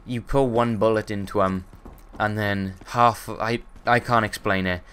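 A man's voice: fairly low pitch, fairly even intonation, a little slow, a bit bright, slight background noise. A man with a sore throat and hiccups, giving rambling, sweary casual gameplay commentary full of ums.

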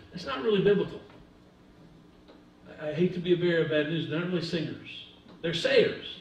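High-pitched male pastor, older, lively sermon, roomy church sound, far from the mic. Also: moderate pace, lo-fi sound. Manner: animated preaching with humor, swinging from soft asides to loud emphasis. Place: church sanctuary. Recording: echoey church from a distance.

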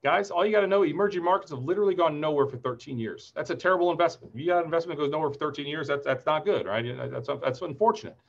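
A man in his forties from Ohio, USA, presents a webinar market outlook as a strategist, racing along with hardly any pauses in a fairly high voice. He's chatty and upbeat, slipping anecdotes between chart talk, and the recording sounds muffled.

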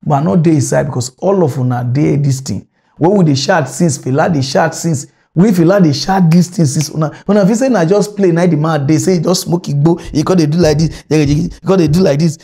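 A man's voice: a little high, a little fast, dark tone, slightly rough. A man from Delta State, Nigeria, with a Nigerian Pidgin accent, ranting in an agitated, scolding monologue about politics. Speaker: political commentator. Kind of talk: impassioned monologue rant.

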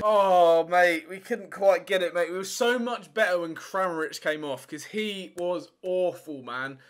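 Excitable high-voiced gamer. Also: male voice, measured pace, hardly any pauses. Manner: excitable, shouts and yelps at near misses, swears. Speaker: gaming channel host. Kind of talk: live gameplay commentary.

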